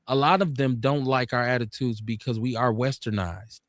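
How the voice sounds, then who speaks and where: A man's voice: medium pitch, normal speed, no echo. A man hosting a live talk show, arguing his points earnestly and repeating himself to drive them home. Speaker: host.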